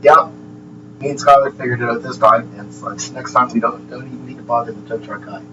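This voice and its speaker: Laughing, cursing man over a steady hum. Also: mid-range voice, quick pace, distant mic, lo-fi sound. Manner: swears constantly, chuckles between sentences. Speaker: livestream host. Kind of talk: rambling casual chat.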